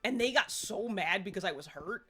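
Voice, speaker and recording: A woman's voice: medium pitch, animated, a little fast, fairly bright tone, husky. A woman live-streaming a game in casual chat, rambling along and laughing often. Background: faint game music.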